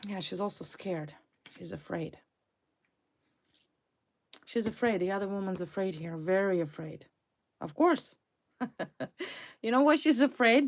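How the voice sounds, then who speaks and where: A woman reading tarot cards to a viewer, blunt and emphatic, repeating her points and swearing freely. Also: mid-range voice. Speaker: tarot reader.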